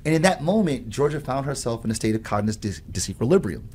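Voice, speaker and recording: A man who teaches at a college, explaining his ideas on learning in an animated, storytelling way and often adding "right?". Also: medium pitch, quick pace, husky. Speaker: professor. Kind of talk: conversational explanation.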